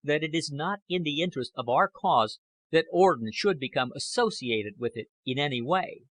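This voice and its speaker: A man voicing a cold, scheming man who answers curtly and evasively, in a husky voice. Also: a little high, expressive, no room sound. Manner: measured, curt replies.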